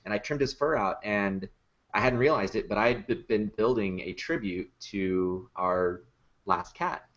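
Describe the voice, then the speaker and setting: Male puppet builder, low-pitched, chatty and quick to laugh; dull lo-fi podcast sound. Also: expressive, a bit bright. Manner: laughs easily, chatty storytelling with many fillers. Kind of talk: casual podcast chat.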